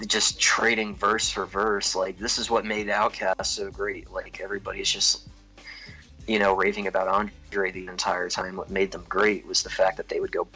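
A man co-hosting a casual music podcast, excited and emphatic, full of slang. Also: sits low, normal speed, slightly rough, rough recording. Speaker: podcast co-host. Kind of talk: casual music review chat.

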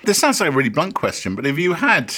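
A man hosting a lunch interview, asking wry and measured questions. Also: on the high side, sing-song, bright, forceful tone, slight background noise. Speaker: interviewer, podcast host. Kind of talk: conversational interview over lunch. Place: at a restaurant table over lunch.

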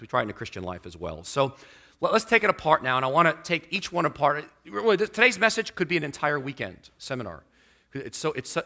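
Male pastor, sermon delivery, lively pitch, gravelly edge. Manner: animated, acts out quoted people in the story. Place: church.

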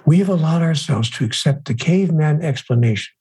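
An older man as a guest, speaking in a measured, emphatic storytelling manner. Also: fairly high pitch, animated, dark tone, slightly rough, poor audio. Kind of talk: reflective conversation.

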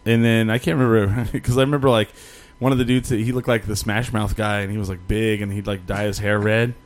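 A man's voice: on the low side, little pitch movement, fairly quick. A man hosting a podcast, telling rambling stories in casual chat and swearing freely. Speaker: podcast host.

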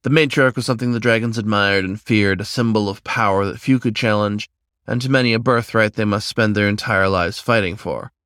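Low-voiced man narrating a story. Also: fairly quick, smooth, no echo, clean studio sound. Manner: steady storyteller reading. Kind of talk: scripted narration.

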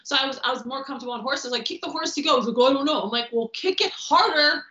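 Stunt woman guest, slightly high voice, animated, salty, recorded in an echoey room. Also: quick pace. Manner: animated, acts out quotes, swears freely. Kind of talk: casual podcast storytelling. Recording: roomy, dull lo-fi podcast audio.

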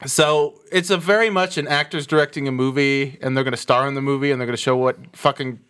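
A man's voice: mid-range voice, steady tone, quick pace, a bit bright, clear, resonant tone. A man co-hosting a casual movie podcast, blunt and profane, who often slips into mocking put-on voices. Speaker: podcast co-host. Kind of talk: casual chat.

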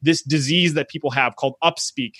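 Fast-talking eager male podcast host. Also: on the high side, fairly even intonation, bright, forceful tone, slightly rough, dry recording, studio quality. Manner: eager, quick, enthusiastic. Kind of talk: interview conversation.

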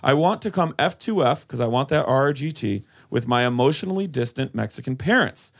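A man's voice: mid-range voice, lively intonation, fairly quick. A man co-hosting a comedy podcast, reading out a listener's letter and stopping to add asides. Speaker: podcast co-host.

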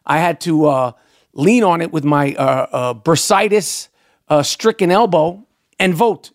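A man's voice: fairly high pitch, unhurried. Male podcast host, blunt profane monologue, hammers points through repetition. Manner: profane, emphatic ranting; repeats key phrases for emphasis.

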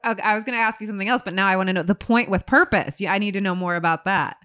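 A woman hosting a podcast in casual interview chat, quick and expressive, openly moved by her guest's story. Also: mid-range voice. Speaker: podcast host.

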